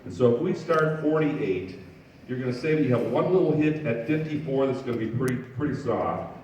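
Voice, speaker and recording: Man, band director, encouraging, sings parts, echoey hall. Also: mid-range voice. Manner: animated and encouraging. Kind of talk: band rehearsal coaching. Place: large echoey rehearsal hall. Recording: echoey hall, distant mic, noisy.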